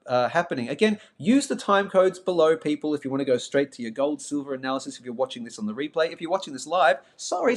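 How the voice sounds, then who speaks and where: This casual live-stream chat features a middle-aged Melburnian whose Australian accent is mild. In a mid-range voice, he addresses viewers directly with chatty, self-deprecating humor.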